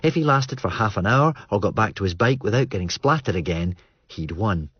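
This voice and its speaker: A man narrating an audiobook in a measured, understated way. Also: fairly low pitch, lively intonation, a bit bright, husky, no echo. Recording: muffled dry studio read.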